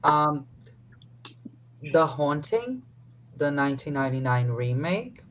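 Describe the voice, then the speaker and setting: A woman's voice: low-pitched, sing-song, slow pace, rough recording. A woman joining a stream as a guest, chatting in a playful, half-joking way. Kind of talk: casual chat.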